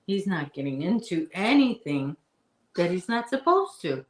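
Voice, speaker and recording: A woman's voice: sing-song, measured pace, reverberant, rough recording. A woman from the Chicago area chatting with her viewers while she crochets, rambling along in a casual way. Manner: chatty and rambling, talks to her puppy in a high baby voice. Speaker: crochet vlogger. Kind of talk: casual chat to live viewers.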